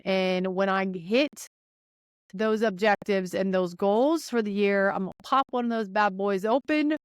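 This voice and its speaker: A young woman hosting her podcast, giving listeners an energetic, chatty pep talk and speaking right to them. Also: medium pitch, smooth, dry recording, clean studio sound. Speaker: podcast host. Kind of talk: casual motivational monologue.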